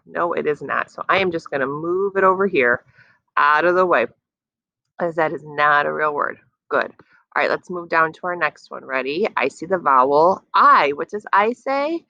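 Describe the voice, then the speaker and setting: A woman teacher leading a phonics lesson for young children, stretching words out slowly and praising their answers. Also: lowish voice, animated, bright, forceful tone, dry recording, lo-fi sound. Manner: slow, drawn-out sounding of words, encouraging.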